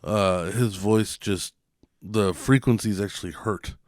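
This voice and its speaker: Low-voiced laid-back man telling stories. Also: takes it slowly, a little mellow, dry recording, clean studio sound. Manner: laid-back storyteller, swears, many fillers. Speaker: podcast co-host. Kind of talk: casual stoned chat.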